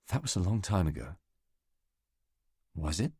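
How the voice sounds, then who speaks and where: A man narrating a novel as an audiobook reader, in a measured, even delivery. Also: low-pitched, husky, dry recording, studio quality. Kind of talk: scripted narration.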